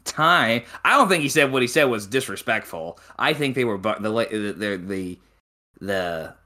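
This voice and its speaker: A man co-hosting a casual racing podcast, giving blunt opinions in halting, restarting sentences. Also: on the low side, lively intonation, sharp tone. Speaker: podcast co-host.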